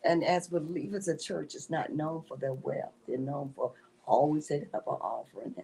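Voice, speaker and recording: Husky low-voiced woman telling stories. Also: moderate pace. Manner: animated storytelling with frequent laughter. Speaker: author and guest. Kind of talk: casual interview conversation.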